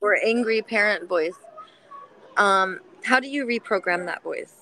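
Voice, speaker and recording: Gentle, nurturing woman in a heart-to-heart chat. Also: medium pitch, unhurried, a little hiss or hum, poor audio. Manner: gentle, nurturing, many filler likes.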